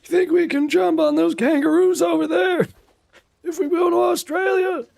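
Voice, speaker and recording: A folksy American cowboy outlaw with a raised, louder drawl, as a man puts him on. He scolds in rough country grammar, pitched well above his own speaking voice. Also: steady tone, normal speed, exaggerated voice. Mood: mocking. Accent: American Western drawl, put on.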